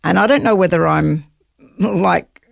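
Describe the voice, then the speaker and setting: Speaking a little slowly, this woman has a voice on the low side with vocal fry, captured cleanly in a studio with no echo. She is a guest author in a storytelling interview, giving an earnest, vivid account of survival at sea and voicing her own thoughts as she recalls them.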